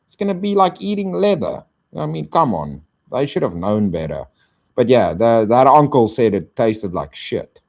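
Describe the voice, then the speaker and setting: A man's voice: medium pitch, very animated, normal speed, gravelly. A man hosting a casual live stream, swearing and thanking donors in slang.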